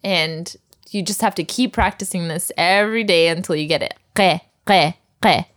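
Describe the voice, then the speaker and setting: A woman with a lowish voice teaching a recorded language lesson. She drills each word patiently, repeating it slowly and clearly. She breaks into light laughter often. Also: a bit bright.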